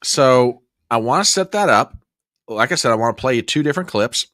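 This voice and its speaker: A man's voice: mid-range voice, animated, brisk, fairly bright tone, no echo, clean studio sound. A man hosting a casual news commentary show, rambling with sarcastic, joking asides. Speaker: host.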